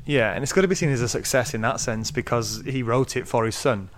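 A man's voice: mid-range voice, fairly quick. A man co-hosting a casual book podcast, reading out listener reviews and laughing often. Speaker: podcast co-host.

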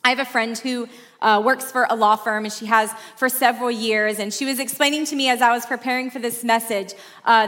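A woman pastor preaching a sermon, telling a personal story with lively asides to the congregation. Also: on the high side.

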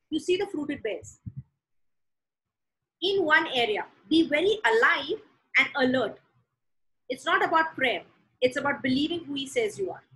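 A woman preaching a sermon with a high, bright voice. She leans hard on key words and repeats them to drive her point home. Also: poor audio. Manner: emphatic, repeats words for stress.

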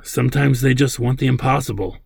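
A man voicing a brilliant older male inventor with dry humor, speaking in a measured, fatherly way. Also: medium pitch, vocal fry, a little mellow, slightly rough, dry recording.

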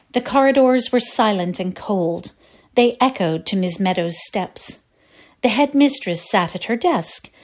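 A woman reading a classic short story aloud with measured, expressive storytelling. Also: mid-range voice. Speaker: reader.

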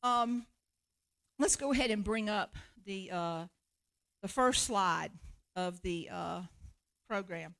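A woman preacher giving a sermon in an animated, conversational way, laughing often. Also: mid-range voice, slow pace, vocal fry, long pauses.

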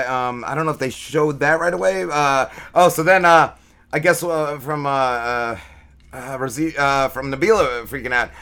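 A man's voice: mid-range voice, sharp tone, clean tone. A man on a podcast giving a casual, rambling recap of a TV episode, full of fillers, restarts and swearing. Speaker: podcast co-host.

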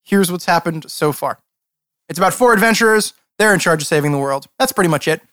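A man's voice: a little high, expressive, fairly bright tone, dry recording, clean studio sound. A man narrating a tabletop game as game master in a casual, rambling way. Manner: casual, rambling, quick to laugh.

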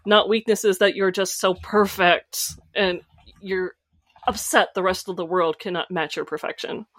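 A woman's voice: fairly low pitch, measured pace, no echo. Upbeat American woman, podcast co-host, chatty and laughing, dry sound. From United States. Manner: animated, laughs often, talks in bursts. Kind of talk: casual chat.

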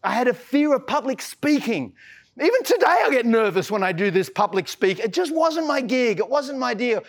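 A man's voice: very high voice, big pitch swings, normal speed. An Australian man preaching a sermon as a pastor, earnest and casual, often repeating words as he starts a phrase. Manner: mixes in casual slang.

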